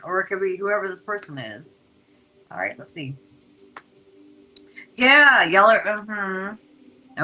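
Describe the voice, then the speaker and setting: A woman's voice: fairly low pitch, bright, forceful tone, low-quality recording. A woman giving a casual, chatty tarot reading to her viewers, talking informally and repeating herself. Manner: chatty, informal, repeats words, uses "y'all". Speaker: tarot reader.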